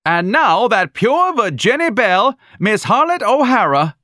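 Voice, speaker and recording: A man's voice: high-pitched, very animated, unhurried, sharp tone, no echo, clean studio sound, voice pushed up, heavily acted. A man voicing a harsh, bossy nightclub owner woman who barks her lines, in an audiobook. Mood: barking.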